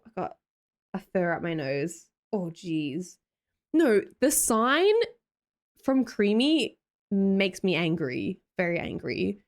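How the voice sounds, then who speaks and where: A young adult Australian woman chats casually on a live stream, reading out chat and teasing her viewers. She laughs often and swears casually, and her mid-range voice is a little mellow.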